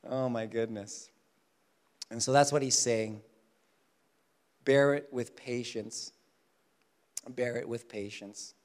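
A man preaching a sermon as pastor, joking at his own expense and slowing down to stress the verses he reads. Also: medium pitch. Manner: humorous, self-mocking, lively storytelling. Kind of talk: sermon with Bible reading.

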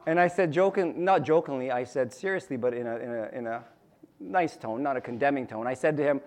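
A man's voice: mid-range voice, animated, brisk, darkish tone. A man preaching a sermon in a conversational, storytelling way, often asking his listeners questions and repeating phrases for emphasis. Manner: repeats phrases, restarts sentences.

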